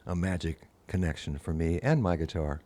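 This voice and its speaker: A man's voice: low-pitched, normal speed. An older man, a guest musician, telling long anecdotes in casual conversation and acting out the people he quotes. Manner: anecdotal, animated quoted voices. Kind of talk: casual storytelling.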